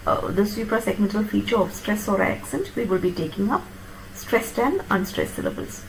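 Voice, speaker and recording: A woman lecturing on phonetics, explaining step by step and checking that her students follow with quick tag questions. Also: mid-range voice, animated, gravelly, a little hiss or hum, rough recording. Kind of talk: classroom lecture on pronunciation.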